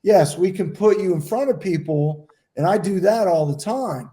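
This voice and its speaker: A man with a slightly high, mellow voice, talking in a casual podcast round table. He speaks emphatically and at length, and swears freely as he makes his points. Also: lively intonation, moderate pace. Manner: emphatic, profane, talks at length. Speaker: podcast co-host, goalkeeper.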